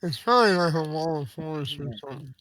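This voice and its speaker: A man playing a tabletop game, chatty and quick to suggest what to do next. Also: fairly high pitch, fairly bright tone, soft background music. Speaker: player. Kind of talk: casual tabletop play.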